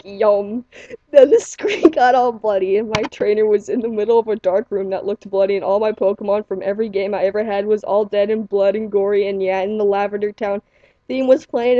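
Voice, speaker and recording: Woman, improvised scary story, rambling delivery, mellow voice, dull lo-fi home recording. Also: mid-range voice, no echo. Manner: rambling, run-on sentences. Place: living room at home.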